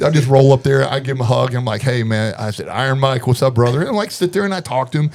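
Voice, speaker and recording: A man's voice: medium pitch, fast, darkish tone. A man telling a long story as a podcast guest in casual chat, acting out quoted voices and laughing often.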